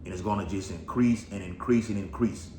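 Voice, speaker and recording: A man with a fairly low, warm voice talks a little fast, rambling casually about Bible prophecy. He swears a lot and keeps saying "all right." The room is echoey, with faint background noise.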